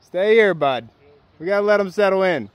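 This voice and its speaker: A man doing casual vlog narration during farm chores, talking softly and fondly to his animals in a barn. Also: sits high, animated, moderate pace, noisy background. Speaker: homesteader. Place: barn and animal pen, indoors. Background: chickens clucking.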